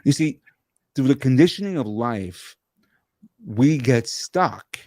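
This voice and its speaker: A man, a guest coach, telling a story in an energetic, animated conversational way over a video call, full of quick restarts. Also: medium pitch, dry recording, clean studio sound. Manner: fast, animated talker with frequent restarts.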